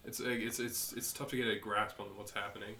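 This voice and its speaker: A man co-hosting a podcast, calmly summarizing a comic in halting casual talk. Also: lowish voice, roomy sound, crowd noise. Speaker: podcast co-host.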